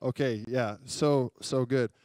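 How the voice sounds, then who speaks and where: A man's voice: medium pitch, fairly even intonation, takes it slowly, a little mellow, dry recording. A young adult man preaching a sermon, telling a story in a chatty way and often asking the congregation questions. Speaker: pastor. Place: church sanctuary.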